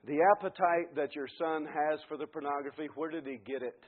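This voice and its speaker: A man preaching a fervent sermon, dropping to quiet asides and then building to shouted climaxes. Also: fairly high pitch, steady tone, a little fast. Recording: tinny phone-like radio broadcast.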